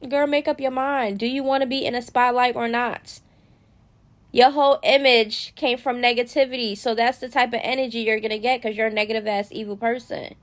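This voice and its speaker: A woman with a somewhat high voice hosts a celebrity gossip show. She gives her commentary casually, bluntly and sassily, and she never hides her opinions. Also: steady tone, fairly quick. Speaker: gossip channel host.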